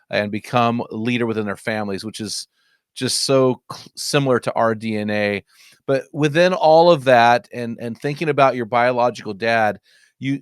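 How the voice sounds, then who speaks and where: A man in his forties hosts a podcast with a smooth, even voice of middle pitch. He asks earnest, admiring questions. The sound is dry and close. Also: no room sound. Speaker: podcast host. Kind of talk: interview questions.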